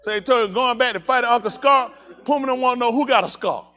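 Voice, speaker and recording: Speaking fast in a very high voice, a male pastor trades casual jokes with his congregation. He teases people and lets out loud exclamations, then settles into preaching.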